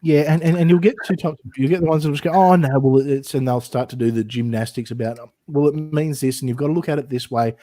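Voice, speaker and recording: A man's voice: fairly high pitch, fast talker, hardly any pauses, warm tone, no echo. An Australian man co-hosting a casual livestream chat, joking and teasing in banter. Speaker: co-host.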